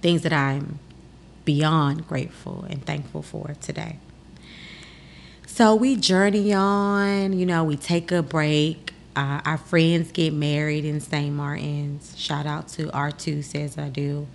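A woman's voice: low voice, takes it slowly, creaky, a little hiss or hum. A young adult woman hosting a podcast, telling a personal story in casual talk and acting out the voices of the people in it. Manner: animated, acts out the voices of people in her story. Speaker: podcast host.

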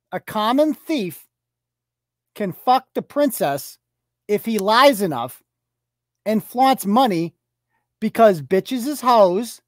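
A woman's voice: medium pitch, no echo. A woman hosting a live show, delivering a sarcastic, profane, mocking rant. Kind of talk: profane ranting commentary.

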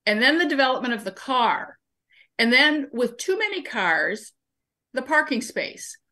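A woman's voice: high voice, sing-song, unhurried, pushed and bright. A woman guest in an interview, explaining her civic training work through everyday examples and anecdotes. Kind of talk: conversational interview answers.

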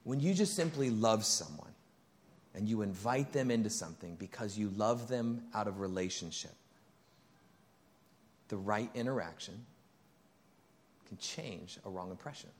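A man pastor preaching a sermon in a church, conversational and animated, acting out bits of dialogue and getting loud and high when excited. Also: normal speed, pauses often, a little hiss or hum. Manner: conversational, acts out quoted dialogue.

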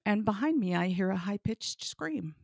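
A woman telling a frank comic personal story with a deadpan delivery. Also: mid-range voice, normal speed, creaky, slightly rough, no echo, studio quality.

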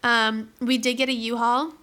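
Bright-voiced chatty young woman. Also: fairly high pitch, level tone, normal speed. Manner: chatty storyteller, frequent "like", laughing asides. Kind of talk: casual chat.

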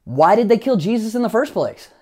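Mellow-voiced male pastor preaching. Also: high voice, sing-song, fairly quick, breathy edge. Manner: conversational, emphatic preaching with asides. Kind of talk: sermon.

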